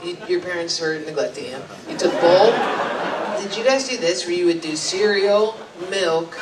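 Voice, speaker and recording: A woman's voice: fairly low pitch, moderate pace, heavy background noise. A young woman doing a stand-up set with crowd work, brash, crude and blunt. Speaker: stand-up comedian. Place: comedy club stage with a laughing audience. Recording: roomy live club recording from far off.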